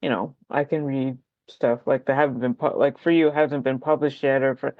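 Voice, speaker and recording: A candid writer rambles through a casual podcast chat, dotting every thought with likes and ums and gently putting themselves down. The sound is dull and lo-fi, with a dry room that gives back no echo. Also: medium pitch, fairly even intonation, moderate pace. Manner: self-deprecating. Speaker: podcast guest, fellow writer.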